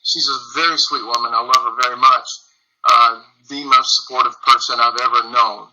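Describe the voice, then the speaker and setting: A man calling in over a video call, asking a personal question hesitantly, with many pauses and self-deprecating asides. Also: mid-range voice, fairly even intonation, pushed and bright, low-quality recording.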